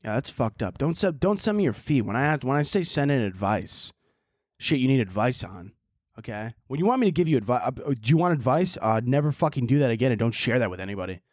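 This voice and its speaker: Profane, sarcastic man with lively pitch. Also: fast, no room sound, studio quality. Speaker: podcast host. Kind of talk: casual advice segment.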